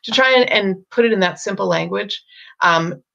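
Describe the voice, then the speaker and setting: A woman's voice: medium pitch, moderate pace, creaky, pushed and bright. A woman in middle age giving casual parenting advice, thinking aloud with many ums and restarts. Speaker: parenting coach. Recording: dull lo-fi recording.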